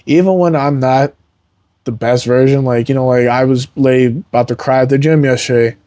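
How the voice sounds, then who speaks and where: A man's voice: medium pitch, fairly even intonation, normal speed, mellow, no room sound. A young adult man, a fighter on a podcast, talking candidly and earnestly, rambling with lots of "like" and "man". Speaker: podcast guest, MMA fighter. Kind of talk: candid emotional interview talk.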